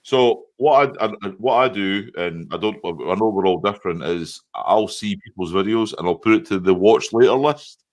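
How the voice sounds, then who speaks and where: A Scottish man guesting on a live stream, chatting in an animated way and often checking in with his listeners. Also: lowish voice, moderate pace. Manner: chatty, animated, keeps saying "you know what I mean". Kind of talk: casual chat.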